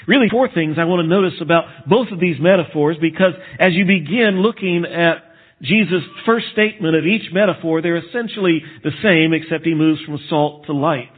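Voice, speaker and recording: A man from Texas, a pastor, preaching a sermon in a conversational way and slowing down to stress key phrases. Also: a little high, husky. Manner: conversational preaching, slows for emphasis. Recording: phone-like narrow band.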